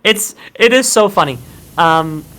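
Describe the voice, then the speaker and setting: Streamer co-host, bright voice, laid-back plot recap. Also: medium pitch, a little slow. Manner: relaxed, amused, recaps the plot. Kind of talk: casual watch-along chat.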